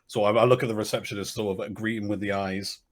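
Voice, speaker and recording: A man describes his character's actions in a tabletop game, rambling and hesitant, leaning on filler words. His voice sits somewhat low. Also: steady tone, fast talker, a little hiss or hum. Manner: rambling, hesitant, lots of "sort of". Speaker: player. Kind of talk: tabletop role-play chat.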